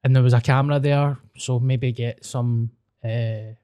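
A man's voice: mid-range voice, steady tone, a little slow, mellow, smooth, dry recording. A Scottish man hosting a podcast, chatting in a laid-back, sweary way. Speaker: podcast host and comedian. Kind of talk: casual chat.

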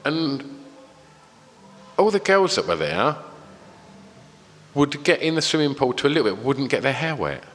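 A man hosting a casual chat, rambling and swearing freely, with lively swings in his voice. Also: mid-range voice, normal speed, pauses often, long reverb tail, slight background noise. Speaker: host.

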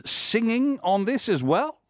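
A man's voice: extremely high pitch, very animated, measured pace, fairly bright tone, no echo, clean studio sound. Middle aged dj guy hosting, bouncy up and down voice, trips over his words, jokey. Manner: rambling, stumbling restarts, jokey. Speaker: radio DJ and podcast host. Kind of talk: casual interview chat.

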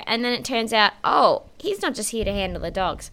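Bright, clear-voiced woman chatting. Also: a little high, normal speed, few pauses. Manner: laughs often, swears casually. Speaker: podcast co-host. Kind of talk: casual chat recapping a TV show.

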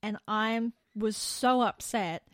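A young Australian woman co-hosting a podcast, chatting casually and rambling, quick to laugh. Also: fairly high pitch, dry recording, studio quality. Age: young adult. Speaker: podcast co-host. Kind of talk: casual chat.

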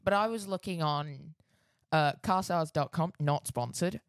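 A man's voice: a little high, normal speed, dry recording. A man, co-hosting a casual podcast, with a dry and laid-back delivery. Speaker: podcast co-host.

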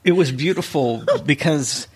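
A man's voice: fairly high pitch, unhurried, breathy edge. A man co-hosting a casual podcast into a close microphone, joking in a wry, sardonic way. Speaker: podcast co-host. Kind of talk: casual chat. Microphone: studio mic close up.

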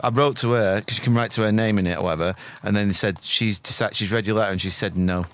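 A man's voice: on the low side, steady tone, fast, a bit bright. A man co-hosting a podcast, chatting casually and rambling through stories, often breaking into silly voices. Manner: rambling storyteller who keeps slipping into silly voices. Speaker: podcast co-host. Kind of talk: casual chat.

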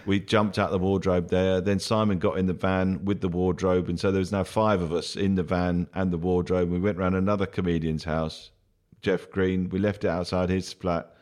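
Deep voiced comedian guy rambling through a funny story, lots of ums, chuckles as he goes. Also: little pitch movement, normal speed, a little mellow. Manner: rambling with many fillers and restarts; laughs through his own story. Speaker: comedian guest. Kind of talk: anecdotal storytelling.

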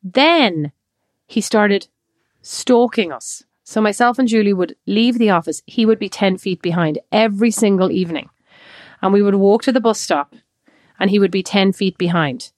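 An Irish woman in early adulthood, co-hosting a podcast and telling stories in a casual, animated way with many quoted asides. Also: mid-range voice, moderate pace, no room sound, studio quality. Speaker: podcast co-host. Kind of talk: casual chat, storytelling.

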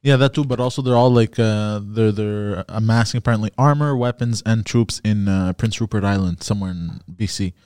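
A man's voice: fairly low pitch, fairly quick, hardly any pauses, a little mellow, clear, resonant tone, no echo, studio quality. A man in casual podcast chat, talking hesitantly and hedging his claims. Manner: hesitant, hedging with "allegedly" and "apparently".

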